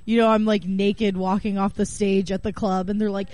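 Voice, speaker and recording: A woman's voice: mid-range voice, normal speed, dry recording. A woman comedian chatting on a radio show, acting out both sides of her anecdotes and laughing often. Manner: animated storyteller who acts out both sides of the dialogue. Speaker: comedian guest. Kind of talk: casual radio chat.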